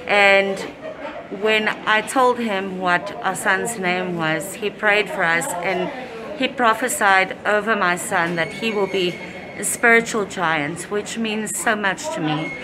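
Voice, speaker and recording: A woman's voice: mid-range voice, takes it slowly, crowd noise. A young pregnant woman chatting in a vlog about her morning at the hospital, in a heartfelt, reflective way. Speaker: pregnant vlogger. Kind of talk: casual vlog chat. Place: at a hospital, partly outdoors.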